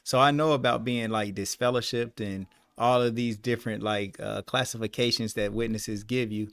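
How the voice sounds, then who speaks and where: A man co-hosting a podcast, asking questions in a halting way with restarts. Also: on the low side, fairly even intonation, a bit bright, no echo. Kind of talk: casual interview questions.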